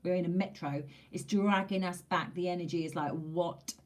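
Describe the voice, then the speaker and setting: A woman's voice: on the low side, fairly even intonation, moderate pace, a little mellow. A woman giving a casual tarot reading to camera, chatty and emphatic, repeating phrases for emphasis and swearing mildly. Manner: informal, with mild swearing. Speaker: tarot reader.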